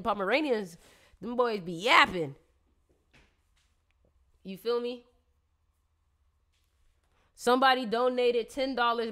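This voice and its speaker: A woman's voice: fairly high pitch, a bit bright. A woman on a casual live stream, reading viewers' astrology in a chatty, playful, slangy way and teasing her audience.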